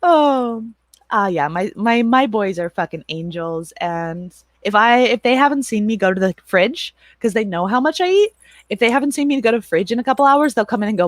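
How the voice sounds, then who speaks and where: A woman's voice: a little high, lively intonation, brisk, no echo. A woman in her thirties hosting a livestream, chatting casually with viewers, rambling and laughing often, with some swearing. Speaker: livestream host and moderator.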